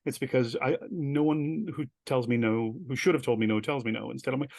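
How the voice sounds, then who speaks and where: A middle-aged man, a professor and theater artist, telling stories as an interview guest and acting out quoted dialogue in lively bursts. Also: mid-range voice, fairly quick, creaky, no echo. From United States. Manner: animated, acts out quoted dialogue in bursts, self-deprecating. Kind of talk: conversational storytelling in an interview.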